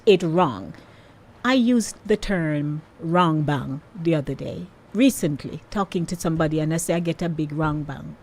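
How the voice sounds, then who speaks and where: A woman hosting a radio show, chatting playfully and talking straight to her listeners. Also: on the low side. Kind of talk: casual radio chat.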